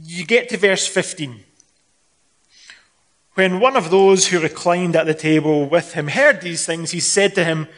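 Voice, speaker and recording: High-voiced Scottish man preaching. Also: unhurried. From Scotland. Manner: conversational and expressive, acts out scenes. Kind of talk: sermon.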